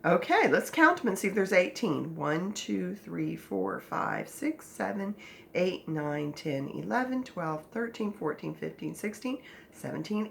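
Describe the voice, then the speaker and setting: A woman teaching a children's phonics lesson, expressive, patient and encouraging. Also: mid-range voice, measured pace, creaky.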